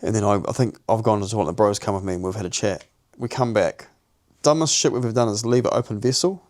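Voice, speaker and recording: A man's voice: lowish voice, quick pace, a little mellow. A young man, telling a personal story on a podcast in a blunt, sweary way. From New Zealand. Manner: blunt and sweary, peppering speech with "bro". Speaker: podcast co-host.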